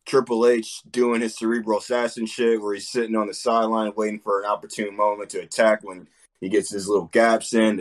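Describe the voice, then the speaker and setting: Lower-voiced male co-host, enthusiastic and profane in casual chat. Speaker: podcast co-host.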